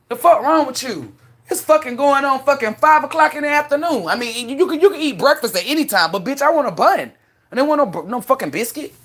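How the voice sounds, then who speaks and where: Woman host, casual live stream, swings pitch a lot, swears freely, rambles. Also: fast talker. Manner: animated, profane, rambling storyteller. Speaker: livestream host. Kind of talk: casual livestream storytelling.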